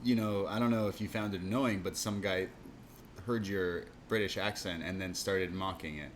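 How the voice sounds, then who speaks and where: A man co-hosting a casual wrestling podcast, animated and laughing, swearing freely as he talks. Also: low voice, moderate pace, a crowd in the background. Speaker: podcast co-host. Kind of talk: casual chat. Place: Toronto.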